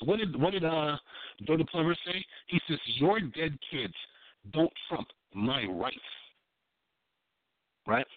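A man's voice: on the high side, dry recording. A man giving casual political commentary as a podcast co-host, blunt and profane, often restarting and repeating himself as he builds a point. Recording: thin phone-like dry sound.

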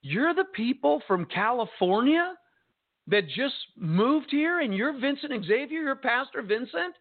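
A woman's voice: sits high, a little slow, pitched above the performer's own voice. A man putting on an eager churchgoing woman. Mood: excited. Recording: tinny phone-line sound.

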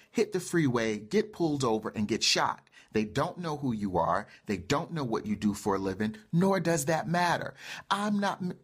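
On his own life-coaching show, a man delivers an impassioned monologue in a husky, slightly rough voice of ordinary middle pitch. He speaks emphatically, building into fervent, insistent outbursts.

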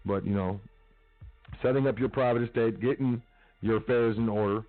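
Man, low voice, casual repetitive radio monologue, tinny line, faint music behind. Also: steady tone, moderate pace, no echo. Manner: casual, emphatic, repeats phrases. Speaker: radio show host. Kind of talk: motivational talk radio monologue. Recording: tinny phone-like line, dry.

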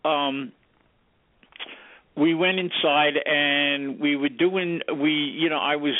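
Lively storytelling man on a tinny line. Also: fairly high pitch, takes it slowly. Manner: animated storyteller who acts out quoted dialogue. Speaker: guest, former recording studio sound engineer. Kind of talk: casual anecdotal storytelling in an interview. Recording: tinny phone-like radio audio.

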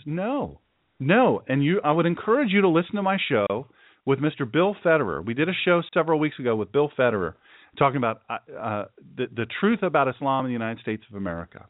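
A man who is a pastor hosting his own show, preaching forcefully and emphatically, often repeating himself for effect. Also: medium pitch, sing-song, fast talker, dry recording. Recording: dry, tinny phone-like sound.

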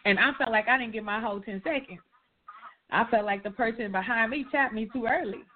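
Over a tinny, phone-like line, a woman co-hosting a casual talk show tells a childhood story in a slightly high voice at a fairly quick pace. She is animated and emphatic as she reminisces.

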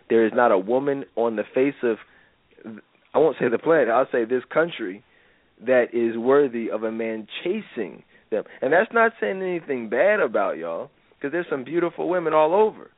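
A man's voice: mid-range voice, expressive, moderate pace, no echo. A man hosting a radio talk show, lecturing listeners in a rambling, preachy monologue. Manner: preachy, rambling, lots of fillers. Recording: phone-like radio line.

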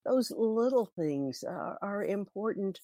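A woman hosting an interview, speaking in a calm, supportive and measured way. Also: medium pitch, no room sound. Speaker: host.

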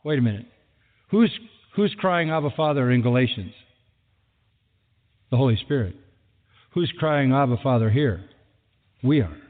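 A man's voice: medium pitch, sing-song, a little slow, long pauses. A man preaching a sermon as a pastor, emphatic and driving points home with repeated phrases. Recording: thin phone-like sound with long hall reverb.

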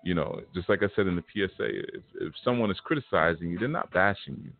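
A man's voice: low voice, lively intonation, fast, vocal fry. A man giving a casual spiritual lecture, talking in a blunt, punchy, confrontational way. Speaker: spiritual teacher. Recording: tinny phone-like sound with faint music.

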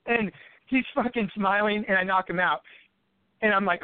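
A man, a podcast guest, telling rambling, profane stories in a casual, animated way. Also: high-pitched, moderate pace, long pauses, clean tone, dry recording. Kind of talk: casual storytelling. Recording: tinny phone-like line, dry.

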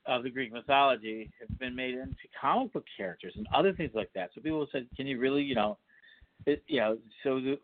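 A man's voice: mid-range voice, no echo. A man from Chicago hosting a casual interview podcast, rambling with frequent restarts and fillers. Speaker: podcast host. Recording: dry, tinny phone-line sound.

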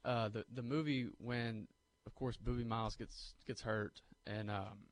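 A man co-hosting a morning sports talk show. He retells scenes with animated energy, his voice rising and falling as he goes. His pitch sits in an ordinary middle range. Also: measured pace, slight background noise. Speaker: sports radio co-host.

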